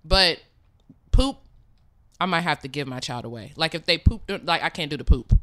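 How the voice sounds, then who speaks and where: A woman co-hosting a casual podcast chat, a mother of four telling blunt, animated stories about her kids. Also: low-pitched, normal speed.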